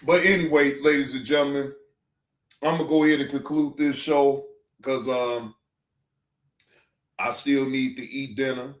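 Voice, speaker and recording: A man's voice: mid-range voice, fairly even intonation, moderate pace, long pauses, reverberant. A man hosting a livestream in casual chat, rambling loosely with slang and swearing as he talks to his chat. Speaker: livestream reaction host.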